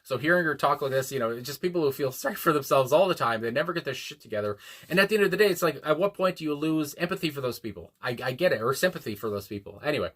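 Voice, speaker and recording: A man's voice: a little high, lively intonation, rapid-fire, fairly bright tone. Rambling young man reacting to music. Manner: rambling, frequent fillers and restarts, chuckles often. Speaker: music reaction channel host. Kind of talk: casual reaction commentary.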